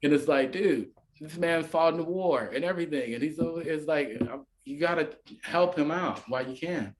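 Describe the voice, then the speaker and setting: A man's voice: a little high, normal speed. A man talking as a podcast guest in a loose, casual way, full of fillers and little acted-out quotes. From United States. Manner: rambling, filler-heavy, often acts out quoted voices.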